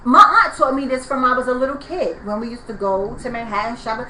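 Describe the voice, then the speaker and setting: A vlogger with a high, brisk, sharp voice rants angrily to her viewers about a street confrontation, calling them "people" and "y'all." She's in an apartment room with echo and faint noise.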